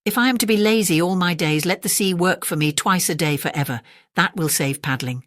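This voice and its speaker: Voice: medium pitch, brisk, a bit bright, dry recording, clean studio sound, close to an everyday voice. A storyteller doing a lazy weary fisherman. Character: lazy male fisherman in a canoe. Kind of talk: storybook reading.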